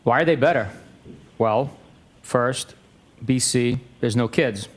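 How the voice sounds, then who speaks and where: A man's voice: medium pitch, takes it slowly. Man reading text messages aloud.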